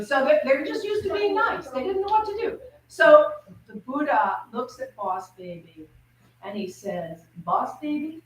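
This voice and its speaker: A woman teaching children in a playful, animated storytelling sermon in a temple hall, recorded in an echoey hall from far off. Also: sits high.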